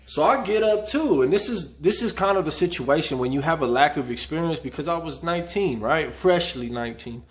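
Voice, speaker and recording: A man's voice: fairly high pitch, animated, brisk, hardly any pauses. A man from the San Fernando Valley telling a story casually, with vivid street slang. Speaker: channel host telling a prison story.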